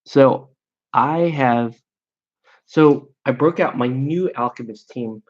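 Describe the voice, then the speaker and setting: A man chatting casually and rambling with amusement as he paints miniatures at his hobby desk. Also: medium pitch. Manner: slow, rambling, self-amused. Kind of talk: casual chat while painting. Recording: dull lo-fi sound.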